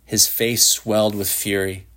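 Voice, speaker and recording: Low-voiced man narrating a short story. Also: level tone, measured pace, sharp tone. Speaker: audiobook reader.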